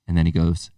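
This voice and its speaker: A man's voice: mellow, no echo, clean studio sound, far from the mic. A man co-hosting a podcast, telling stories in casual chat and laughing through them. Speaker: podcast co-host.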